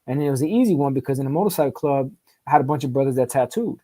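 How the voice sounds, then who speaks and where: Man guest, rapid-fire street-slang storyteller, swears a lot, keeps saying right. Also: mid-range voice, lively intonation, dark tone. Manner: repeats and restarts words in quick bursts. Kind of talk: casual storytelling interview.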